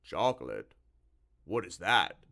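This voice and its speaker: A man's voice: sits low, very animated, gravelly, pushed and bright, exaggerated voice. A man doing a slimy, cowardly swamp creature. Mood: squeamish. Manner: slow wobbly drawl, shrieks when scared.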